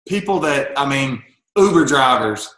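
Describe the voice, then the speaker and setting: Halting man with a bright voice. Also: mid-range voice, animated. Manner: halting, restarts often. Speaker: guest speaker. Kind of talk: casual chat. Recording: roomy echo.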